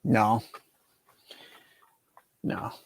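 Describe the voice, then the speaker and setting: A man's voice: extremely slow, no echo. A man co-hosting a comic podcast, mostly giving short, dry remarks. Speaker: podcast co-host. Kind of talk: casual comic podcast banter.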